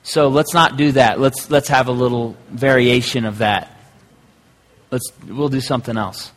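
A man voicing God as a calm, firm male figure who speaks in a plain and casual way, heard in a hall with long reverb. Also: mid-range voice, normal speed, lightly acted.

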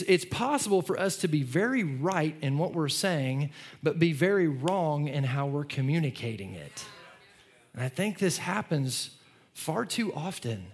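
A middle-aged male pastor preaching a sermon in a conversational way, repeating words and swinging from loud to soft. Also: a little high.

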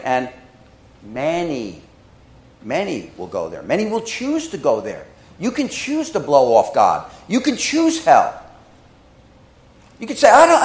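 A man preaching a sermon, telling stories with swings between hushed and loud delivery. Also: a little high, echoey room, rough recording. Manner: emotional, dramatic storytelling with swings from hushed to loud. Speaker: pastor.

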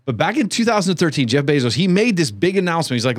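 A man's voice: on the high side, big pitch swings, quick pace, dry recording, studio quality. A young man hosting a podcast, chatting casually and rambling with restarts and jokes. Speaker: podcast host. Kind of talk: casual chat.

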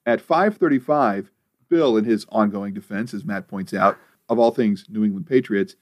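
Deadpan low-voiced podcast co-host, man. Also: normal speed, no room sound, faint music behind. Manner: dry, deadpan timestamp recaps. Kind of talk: casual podcast commentary.

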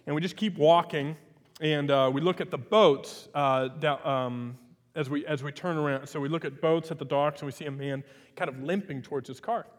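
A male pastor telling a personal story in a sermon, chatting at times and building to loud, emphatic preaching. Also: fairly high pitch, moderate pace. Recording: long hall reverb.

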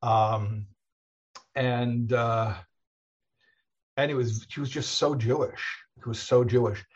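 A man's voice: mid-range voice, fairly even intonation, slow pace, slightly rough, muffled recording. A man, a rabbi, talking casually in a conversation, telling stories in a rambling way with many restarts and laughs.

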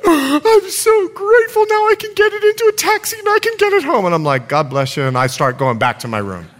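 A middle-aged man preaching a sermon as pastor, telling stories with acted-out quotes. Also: mid-range voice. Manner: storytelling with lively acted quotes.

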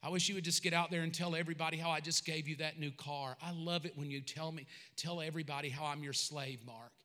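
A sulky, sarcastic Jesus, put on by a preacher, mutters his complaints in a mocking way. The voice sits lower and softer than the preacher's own. Long reverb from a big hall trails behind each phrase. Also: fairly even intonation, fast talker. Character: Jesus as a grumbling, sarcastic servant.

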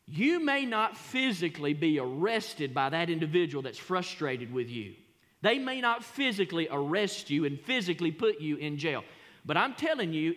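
A man preaching a sermon as pastor, emphatic, repeating his phrases and rising to loud peaks. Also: sits high. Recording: long reverb of a church hall.

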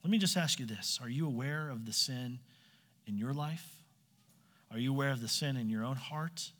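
Male pastor, sermon delivery, bright tone, reverberant hall. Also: medium pitch, moderate pace. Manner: acts out quoted voices, direct questions to listeners.

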